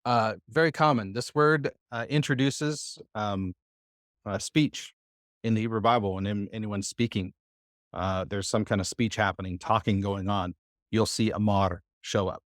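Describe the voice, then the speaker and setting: A man's voice: on the low side, fairly even intonation, a little slow, no room sound, studio quality. A man teaching a live Hebrew lesson to a church class, patient and full of "uh" fillers as he quizzes his students.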